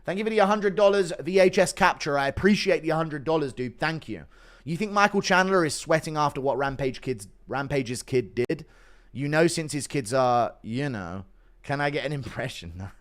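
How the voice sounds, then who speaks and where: Laughing streamer guy, cusses a lot, swingy pitch, kinda high. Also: moderate pace. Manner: profane, laughing, animated. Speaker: livestream host. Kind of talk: casual livestream chat.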